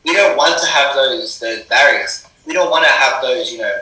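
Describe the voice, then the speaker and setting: A man's voice: mid-range voice, moderate pace, sharp tone, far from the mic. A young Australian man, a rapper, talking earnestly in a casual interview, repeating words to stress his points. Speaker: rapper guest. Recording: roomy sound from off-mic.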